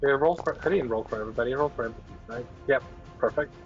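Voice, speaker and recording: Male game master with a mid-pitched voice, rambling narration full of fillers; dull lo-fi sound, faint music behind. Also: very fast. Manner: rambling, lots of filler words and restarts.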